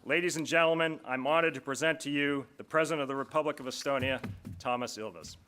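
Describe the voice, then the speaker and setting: A man's voice: fairly high pitch, music in the background. A man giving a prepared, rhetorical speech to introduce the keynote speaker at an awards dinner. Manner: measured, rhetorical, deliberate pauses. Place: banquet hall.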